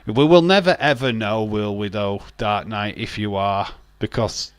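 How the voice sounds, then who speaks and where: Jokey man, low voice. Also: a little slow, clean tone, no echo. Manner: jokey, teasing, laughs often. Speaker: live stream host. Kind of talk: casual live-stream chat, reading chat aloud.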